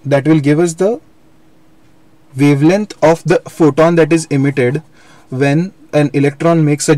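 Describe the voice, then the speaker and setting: Guy teaching physics online, kinda high voice, dry mic, explains stuff step by step. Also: mellow, no room sound. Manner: explanatory, repeats and self-corrects. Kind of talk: live online lecture.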